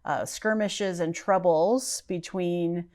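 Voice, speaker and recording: A woman's voice: lowish voice, slow pace, darkish tone. A woman chatting casually to camera as a book vlogger, thinking aloud as she answers each prompt. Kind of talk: casual chat.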